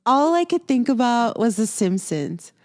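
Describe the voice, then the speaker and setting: A woman co-hosting a podcast in a playful, casual chat, quick to laugh. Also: a little high, sing-song, darkish tone. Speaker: podcast co-host.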